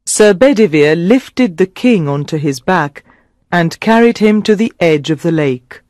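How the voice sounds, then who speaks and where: A man with a fairly high voice narrates a simple story for English learners. His reading is clear and dramatic. The sound is close and dry. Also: a little mellow, no echo.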